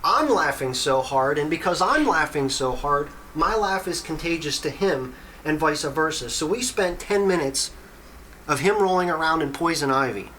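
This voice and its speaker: A man in his thirties, a podcast host, telling a long story in an animated, casual way and swearing freely. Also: fairly high pitch, normal speed, slight background noise, rough recording.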